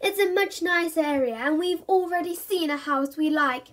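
A woman voicing a brisk, determined mother who talks in a reassuring way. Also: very high voice, voice pushed up.

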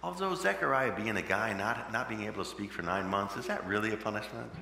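A man preaching a sermon in a conversational way, with sudden loud emphatic bursts, recorded in a church. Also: lowish voice, lively intonation, fast talker, gravelly. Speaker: pastor. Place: church sanctuary. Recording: echoey church hall with long reverb, faint hum.

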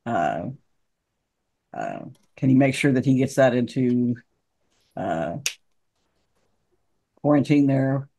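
A man playing in a tabletop game, speaking calmly and carefully in character. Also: mid-range voice, slow pace, long pauses, low-quality recording. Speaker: player. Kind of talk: casual tabletop role-play.

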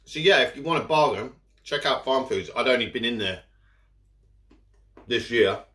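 A man's voice: medium pitch, animated, normal speed, a bit bright. A man chatting casually while eating in a food vlog, rambling with his mouth full. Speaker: food vlogger. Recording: echoey room. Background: cutlery and dishes.

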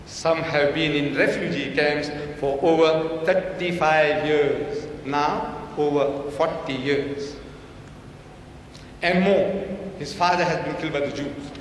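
A man's voice: a little high, a bit bright, distant mic, a little hiss or hum. A man speaking in a public debate, sarcastically quoting and mocking his opponent with fiery rhetorical questions. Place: large lecture hall. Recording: very echoey hall recorded from afar.

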